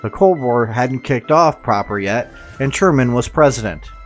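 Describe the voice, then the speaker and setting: True crime narrator, male, mid pitch, irreverent and swearing, faint music bed underneath. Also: lively intonation, moderate pace. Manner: irreverent, profane, sarcastic asides. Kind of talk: scripted narration with casual asides.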